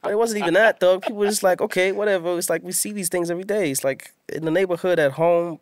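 A man's voice: high voice, fast, no room sound, studio quality. A young man with a South African accent, talking casually as a guest in an interview and acting out the people he quotes. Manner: animated, acts out quoted people. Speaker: guest rapper.

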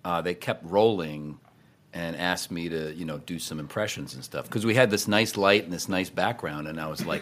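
Male impressionist, very low voice, chatty interview guest. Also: a bit bright, slight background noise. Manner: quick, chatty, laughs often. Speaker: voice actor and impressionist. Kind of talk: casual interview chat.

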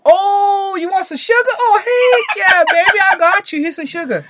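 A woman's voice: very high-pitched, moderate pace, noisy background, pitched above the performer's own voice. A man putting on the voice of a middle-aged Southern woman server with a Southern accent, drawling and calling everyone honey and baby. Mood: delighted.

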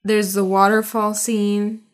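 A woman's voice: medium pitch, completely flat delivery, slow. A woman in casual chat, retelling a film's plot in a loose, jokey, profane way. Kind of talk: casual chat recapping a film.

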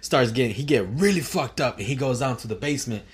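A man's voice: medium pitch, expressive, fast talker, slightly rough. A young man telling a story in casual chat, laid-back and slangy, laughing often.

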